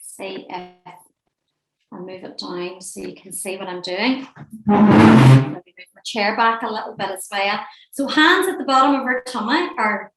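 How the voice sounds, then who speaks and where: A woman leading a laughter and breathing class, gentle, playful and encouraging, speaking from a room on a video call. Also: mid-range voice, a little slow, noisy background. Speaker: laughter and relaxation session leader. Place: indoor room at home, seated near a screen. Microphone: webcam or laptop mic on a video call. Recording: roomy echoey room sound.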